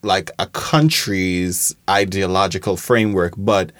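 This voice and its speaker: A man's voice: sits low, fairly even intonation, measured pace, a bit bright, dry recording. A young man from Trinidad, a guest in a roundtable conversation, talking thoughtfully and circling back over his phrases. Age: young adult. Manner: thoughtful, restarts phrases, many "like" fillers. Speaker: alumnus guest.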